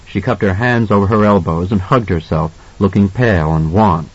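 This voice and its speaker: Male audiobook narrator, low husky voice, lively delivery, muffled lo-fi recording. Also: normal speed, hardly any pauses. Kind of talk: scripted narration.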